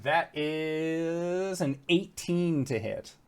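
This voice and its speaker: A man's voice: on the high side, expressive, very slow, noisy background. A man narrating as game master of a tabletop game, loose and full of fillers.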